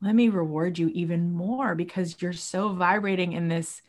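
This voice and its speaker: Animated, emotional woman podcast guest. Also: on the low side, normal speed. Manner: animated, emotional, acts out quotes. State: moved to tears at times. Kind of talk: casual podcast conversation.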